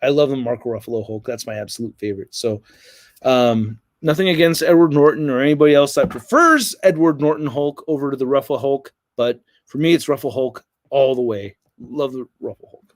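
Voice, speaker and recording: A man's voice: medium pitch, fairly quick, no room sound. An American man hosting a casual livestream, rambling and reading viewer comments aloud. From United States. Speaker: livestream host.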